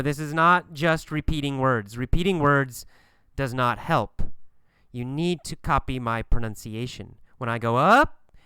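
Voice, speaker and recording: A man teaching an English lesson, speaking slowly and emphatically and repeating phrases for learners to copy. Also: medium pitch, bright, forceful tone, clean tone, no room sound, studio quality. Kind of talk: scripted language lesson.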